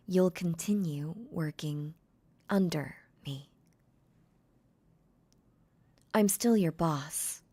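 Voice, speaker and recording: A woman voicing a cold, controlling female boss in a whispered role-play, speaking in a soft, low whisper. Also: dry recording, exaggerated voice. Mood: possessive. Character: cold commanding female boss toying with her pet. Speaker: voice actor.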